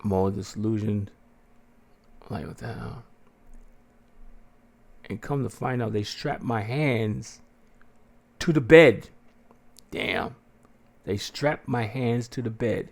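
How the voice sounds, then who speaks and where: A man hosting a podcast, telling a story casually with plenty of swearing and animated delivery, jumping into a raised voice to act out what people said. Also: fairly low pitch, a little slow, gravelly, pauses often. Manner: profane, animated, acts out quotes in a raised voice. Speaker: podcast host.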